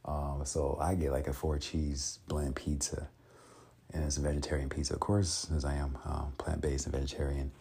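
Give me a very deep, warm-voiced man rambling in a casual vlog. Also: level tone, normal speed, creaky, husky. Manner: rambling, many fillers and restarts. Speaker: vlogger. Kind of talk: casual chat.

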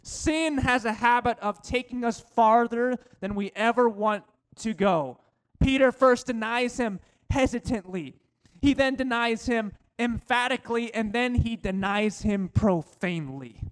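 A male pastor preaching a sermon, slowing down to stress key phrases. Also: clean tone. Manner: preaching with slowed, emphatic phrases and dropping to a low voice for quotes.

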